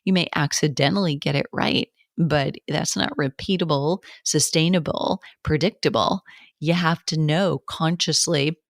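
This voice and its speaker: A woman with a notably low voice talks casually about coaching, with a conversational flow, restarts and short laughs. The sound is dry and close, with no room echo. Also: unhurried, gravelly. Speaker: fitness business coach and podcast host. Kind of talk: casual advice monologue.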